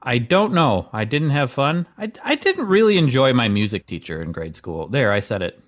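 A man co-hosting a comedy podcast, playing a halting, bemused straight man. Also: mid-range voice, big pitch swings. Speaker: podcast co-host. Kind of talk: improvised comedy podcast banter.

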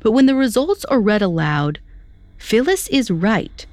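A woman's voice: medium pitch, sing-song, a little slow, a little mellow, no room sound. A woman hosting a podcast, telling a story in scripted narration with conversational, lightly wry asides. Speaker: podcast host.

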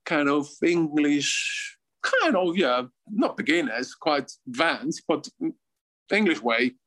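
A man's voice: on the high side, very animated, slow, a bit bright, low-quality recording. A Swiss-accented man in his fifties, a former footballer telling stories as an interview guest, chuckling and restarting his sentences. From Switzerland. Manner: chuckles often, rambling restarts. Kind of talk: casual storytelling.

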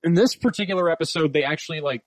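A man's voice: fairly high pitch, rapid-fire, dry recording, poor audio. A man in a casual chat who rambles and fills his talk with "like".

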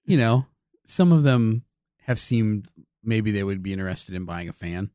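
Comedy co-host, male, playful improviser, lively intonation, dry close recording. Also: fairly low pitch, moderate pace, clear, resonant tone, no room sound. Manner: playful, building on partner's jokes.

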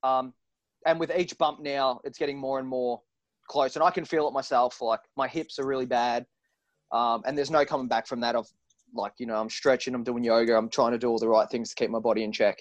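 Profane, candid wrestler with a dry sound. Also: male voice, mid-range voice, fairly even intonation, brisk, no echo. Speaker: professional wrestler guest. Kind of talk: casual interview storytelling. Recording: dull lo-fi recording.

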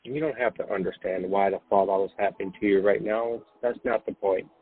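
A man hosting a late-night spiritual podcast, gently reassuring listeners and guiding them to breathe and relax. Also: fairly low pitch, fairly even intonation, fast, breathy edge, no echo. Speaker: podcast host. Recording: dry, phone-like narrow sound.

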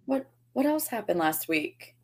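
A woman's voice: a little high, very animated, unhurried, a little mellow, slightly rough. Upbeat rambling woman podcaster. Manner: rambling, upbeat, laughs at herself. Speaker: podcast co-host. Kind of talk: casual chat. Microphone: video call.

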